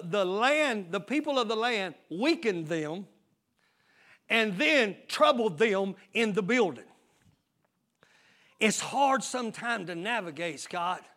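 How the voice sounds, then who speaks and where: A pastor with a very high voice preaches to his congregation in a church sanctuary. His tone is bright and forceful, and he builds from talk into shouts, calling out amens as he goes. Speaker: lead pastor. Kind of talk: call-and-response sermon.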